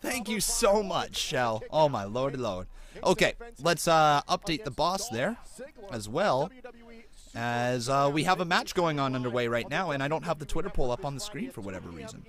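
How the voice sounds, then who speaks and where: A young man from Canada hosting a live stream, chatting casually with viewers and breaking into loud excited shouts. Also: mid-range voice, normal speed. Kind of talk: live-stream reaction chat.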